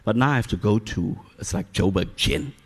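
A middle-aged South African man telling his life story in a conversational sermon, bursting loud and high, then dropping low, and repeating phrases for emphasis. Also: normal speed, husky. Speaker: preacher giving testimony.

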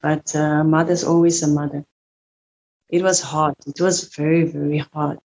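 A middle-aged woman recounts a painful personal story. Her voice sits low and stays fairly flat in pitch. She speaks haltingly, with fillers and repeated words. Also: lo-fi sound. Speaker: survivor guest. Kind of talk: emotional personal testimony.

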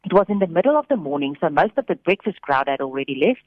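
A woman narrates a story on radio with a lively, animated voice that rises and falls. She reads with expression. The sound is dry and thin, like a phone line. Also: deep voice, fast, no echo.

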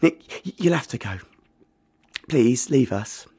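A man performing a narrative poem, voicing a weary mother who pleads quietly. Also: mid-range voice, lively intonation, unhurried, slightly rough, no room sound, voice pushed up. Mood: pleading.

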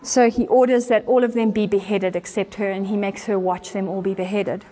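A woman's voice: medium pitch, steady tone, fairly quick, warm tone. A woman preaching, retelling a story earnestly and with animation. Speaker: church speaker. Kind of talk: storytelling sermon.

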